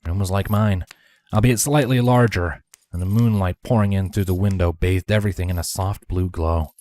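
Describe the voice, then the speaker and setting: Deep-voiced man reading a story. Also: fairly even intonation, no room sound. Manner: measured first-person narration, dropping to hushed whispers for dialogue. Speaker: narrator. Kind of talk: fanfiction audiobook reading.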